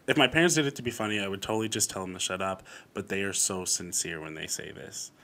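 A man's voice: low voice, background noise. Man co-host reading listener letters. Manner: reads letters quickly, laughs along.

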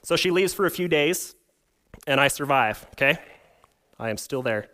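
A man's voice: fairly high pitch, lively intonation, moderate pace, bright, forceful tone. A young adult man preaching a sermon, mixing scripture reading with a humorous personal story and rhetorical questions. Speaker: pastor.

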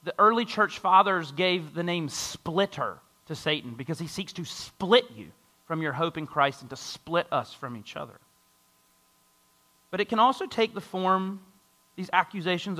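The sermon comes from a pastor whose voice is high and whose pace is normal. Between scripture readings, he animatedly impersonates a scoffing doubter for the congregation.

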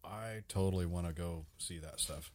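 A man's voice: low-pitched, moderate pace, a little mellow. A man in casual podcast chat, eager and chatty.

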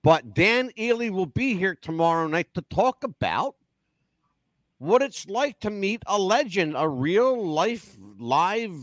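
A man hosting a casual talk show, telling stories in an animated way and swearing freely. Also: high voice, slow pace, no echo, studio quality. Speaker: show host.

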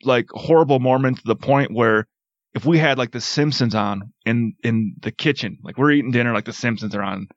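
A man's voice: mid-range voice, brisk, no room sound. A man in a casual podcast chat, rambling with many fillers and frequent swearing. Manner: rambling, says "like" a lot, swears. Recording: dry, dull lo-fi sound.

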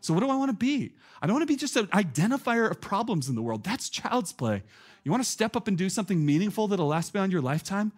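High-voiced, animated male pastor preaching. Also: fast. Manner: animated, conversational, many filler "like"s, rising to near shouts. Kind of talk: sermon.

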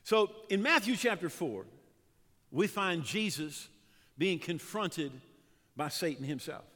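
A man preaching a sermon as pastor, fervent, with dramatic pauses and emphatic builds. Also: a little high, sing-song, a bit bright, big-room sound.

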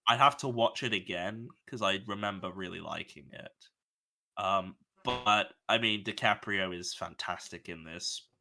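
A man's voice: low-pitched, measured pace, creaky, pushed and bright. An Australian man co-hosting a podcast, rambling casually about films with restarts and swearing. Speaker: podcast co-host. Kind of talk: casual film chat.

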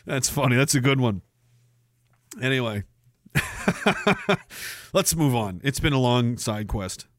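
A man's voice: medium pitch, expressive, slow, fairly bright tone, no room sound, studio quality. A man from Canada hosting a livestream, ranting in a crude, sarcastic, rambling way with lots of restarts. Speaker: livestream host. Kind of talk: casual ranting livestream monologue.

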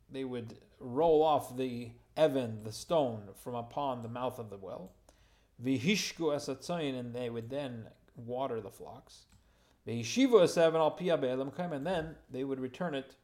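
A man teaching a Torah lesson at an ordinary middle pitch, working through the text verse by verse. He reads each Hebrew phrase, then translates it into plain English. He adds casual, lightly humorous asides along the way. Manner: informal asides and gentle humor.

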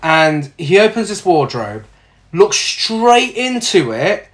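A man's voice: high voice, big pitch swings, takes it slowly. Blunt, sarcastic man. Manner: blunt, sarcastic, swears often. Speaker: podcast co-host reviewing films. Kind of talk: casual film review chat.

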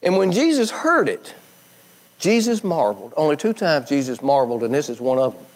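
Animated male preacher with folksy delivery. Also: brisk. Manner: animated, swinging from high emphatic bursts to low quiet drops; folksy, conversational preaching with scripture quotes. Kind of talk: sermon.

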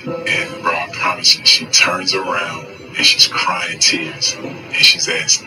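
A man, a professional athlete, telling a story in animated, casual slang. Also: sits low, unhurried, far from the mic, over loud music, low-quality recording. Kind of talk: storytelling interview.

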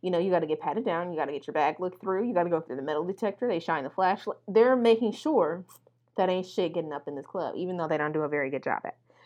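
A young adult woman from Milwaukee telling a profane, animated story straight to her listeners. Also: on the low side, fast, highs cut off. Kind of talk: casual storytelling to camera.

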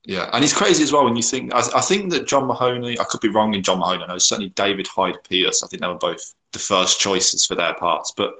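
A man co-hosting a podcast in casual chat, agreeable and quick to chime in. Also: fairly low pitch, bright, forceful tone, low-quality recording. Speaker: podcast co-host. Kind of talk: casual chat about a sitcom.

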